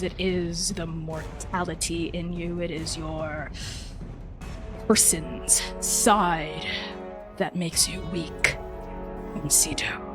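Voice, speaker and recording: A tyrannical god of gods, a menacing father who lingers over every word, as a woman puts him on. His voice sinks low and soft as he condescends. It is delivered over faint music. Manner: slow, cold, menacing delivery.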